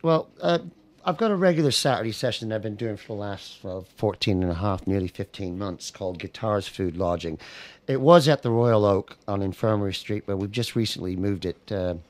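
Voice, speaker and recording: A man's voice: fairly low pitch, lively intonation, a little fast, a little mellow, no echo. An American man who plays guitar and writes songs, talking casually in a radio interview with a rambling, easygoing manner and plenty of fillers. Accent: American, picking up Scottish words. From United States. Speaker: singer-songwriter guest. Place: radio studio.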